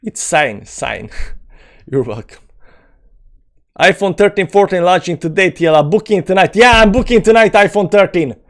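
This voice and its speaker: On his crypto channel's live stream, a man with a high-sitting voice and a Balkan accent goes through chat comments, responding at normal speed with lively intonation. He rambles, leaning on plenty of fillers.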